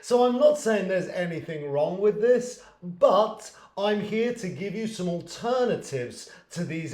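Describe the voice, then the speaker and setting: Chatty British man with a high voice. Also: echoey room. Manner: relaxed and chatty, laughs easily, acts out example greetings. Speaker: English teacher. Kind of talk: casual video lesson to camera.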